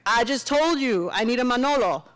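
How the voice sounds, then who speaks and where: A prickly young man who lifts weights, insisting on being heard and quick to defend himself, in a spoken story, read aloud by a woman author. His voice lifts a little above plain narration and stays pressing and tense. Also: fairly high pitch, animated, fairly bright tone, pitched above the performer's own voice. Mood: defensive. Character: touchy young man, an aspiring bodybuilder.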